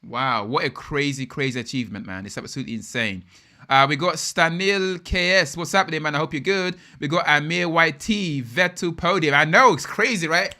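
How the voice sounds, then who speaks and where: A young UK live stream host talks fairly quickly while watching a race along with his viewers, reacting excitably and using plenty of slang. His voice is bright, forward and a little high, and he keeps chatting straight to the audience in between.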